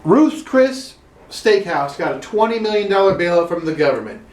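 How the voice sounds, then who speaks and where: A man's voice: high voice, sing-song, moderate pace, darkish tone, echoey room. A standup comedian man ranting sarcastically from his room, swearing and building into mock outrage. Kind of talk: solo comic rant.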